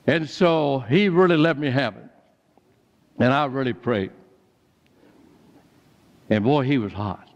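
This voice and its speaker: A man's voice: mid-range voice, measured pace, pauses often. Give me an older man preaching in a folksy storytelling way, recorded dull in a reverberant church. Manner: folksy storyteller, animated when quoting others. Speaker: pastor. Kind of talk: sermon with personal storytelling. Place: church sanctuary.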